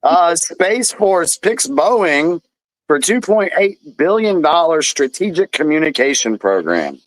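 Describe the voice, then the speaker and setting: A man's voice: a little high, sing-song, slow pace, dry recording. A man hosting a casual political talk stream who reads out news headlines and adds offhand remarks. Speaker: host.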